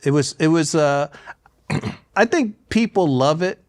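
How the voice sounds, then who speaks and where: Older man, halting laid-back talk. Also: on the high side, expressive. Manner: halting, repeats words, quotes himself in hushed asides. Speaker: guest. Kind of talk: relaxed interview talk.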